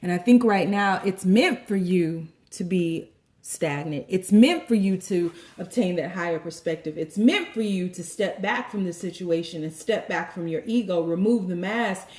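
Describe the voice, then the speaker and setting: A woman's voice: medium pitch, a little mellow. A woman giving a tarot card reading, preachy and joking, with some profanity. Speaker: tarot reader. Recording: roomy echo.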